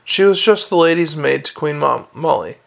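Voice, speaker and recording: A man reading aloud, voicing a grubby, weary male beggar leader who mutters low and grudgingly. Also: expressive, normal speed, gravelly.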